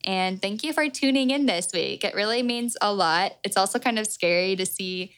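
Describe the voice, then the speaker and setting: A woman's voice: mid-range voice, normal speed, a bit bright, clean tone, rough recording. A young adult woman hosting a solo podcast, giving chatty, encouraging advice with lots of "like" in her speech. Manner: chatty and encouraging, heavy use of "like". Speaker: podcast host. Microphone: own microphone.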